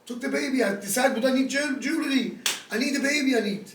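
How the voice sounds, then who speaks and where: A heartbroken older mother confides in her grown children, halting and plain, as a man puts her on within a sermon. The voice is high and sounds far from the microphone. There is echo from the room around it. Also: fairly bright tone, a little hiss or hum. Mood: confiding. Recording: echoey room, speaker far from the mic.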